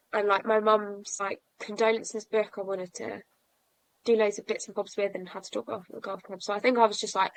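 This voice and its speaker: A woman's voice: mid-range voice, no room sound, rough recording. A young woman telling a personal story to a podcast host, frank and self-mocking, laughing through sad memories. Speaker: podcast guest.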